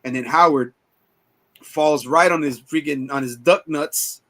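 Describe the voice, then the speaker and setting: A man in his forties co-hosts a casual movie review podcast, rambling profanely and recounting scenes in quoted voices. His voice is a little high and sharp in tone, at a measured pace.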